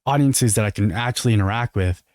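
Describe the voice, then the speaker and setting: A man's voice: on the low side, quick pace, a little mellow, no echo, clean studio sound. An American man giving earnest, opinionated reaction commentary, talking straight to his viewers. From United States. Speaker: commentary youtuber.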